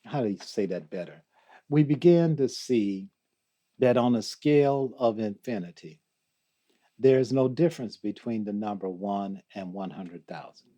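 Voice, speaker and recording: An older man as a guest in an interview, talking slowly and reflectively, reciting poetry and laughing often. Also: fairly low pitch, dark tone. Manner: slow, musing, quotes poetry, laughs often. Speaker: guest, theologian.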